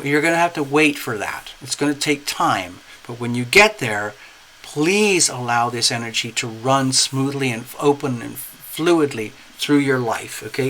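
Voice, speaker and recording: Bright-voiced man giving a tarot reading. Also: medium pitch, a little hiss or hum, rough recording. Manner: animated, coaxing, repeats "okay?". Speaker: tarot reader. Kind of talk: casual tarot reading monologue.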